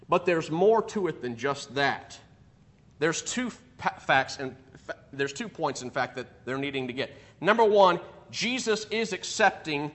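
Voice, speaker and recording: Bible class teacher, man, high and bright voice, animated, acts out quotes, restarts mid-thought. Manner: animated, acts out quoted speech with rising emphasis; thinking aloud with restarts while checking notes.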